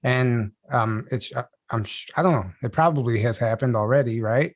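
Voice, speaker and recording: A man hosting a podcast interview, thinking aloud with hesitant pauses and restarts. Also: medium pitch. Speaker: podcast host. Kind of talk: casual interview chat.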